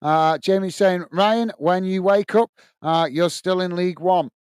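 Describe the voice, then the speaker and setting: Brief: middle-aged Northern English man, watch-along host, fairly high smooth voice, blunt and chatty, dry close sound. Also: unhurried, a little mellow, dry recording. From north of England. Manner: chatty, blunt, laughs easily, says mate a lot. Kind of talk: match commentary and reading out viewer chat.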